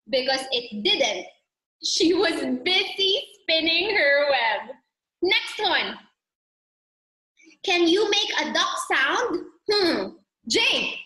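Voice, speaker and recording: A woman teacher, reading a storybook aloud to young children in an animated, playful, coaxing way over a video call. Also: high voice. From Philippines. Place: home room, online class. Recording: roomy video call audio.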